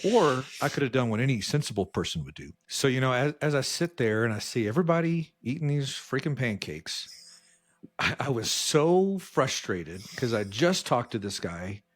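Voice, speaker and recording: A man co-hosting a podcast, telling a work story in casual chat and jumping his voice up high when he quotes people. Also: lively intonation, normal speed. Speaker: podcast co-host.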